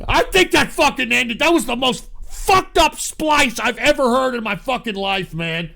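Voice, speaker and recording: A tipsy male host on a tirade, his voice pitched high with a gravelly, fried edge. His tone is bright and sharp as he yells and curses at his listeners. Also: lively intonation, normal speed. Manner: yelling, swearing, bitter rant. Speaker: show host. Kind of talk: angry profane rant to an online audience.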